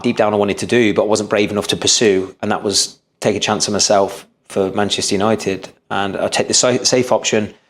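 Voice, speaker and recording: A man, a podcast guest telling his story earnestly, often restarting and repeating words. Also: on the low side. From England. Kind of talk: storytelling interview.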